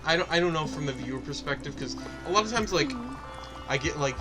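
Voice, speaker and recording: A man's voice: fairly high pitch, lively intonation, quick pace, over music. A man co-hosting a gaming video, rambling and teasing his friend in casual chat. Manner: rambling, restarts a lot, teasing. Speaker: gaming channel co-host. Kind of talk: casual chat over gameplay.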